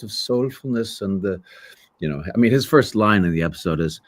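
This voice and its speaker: Deep-voiced older man telling stories. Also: brisk, dry recording. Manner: animated storyteller who acts out voices. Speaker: voice actor guest. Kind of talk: casual interview storytelling.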